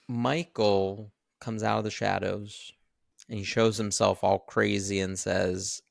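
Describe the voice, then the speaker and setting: Gravelly low-voiced man recapping a film. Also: takes it slowly, dry recording, studio quality. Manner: animated retelling, swears freely. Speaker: podcast co-host. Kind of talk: casual film recap chat.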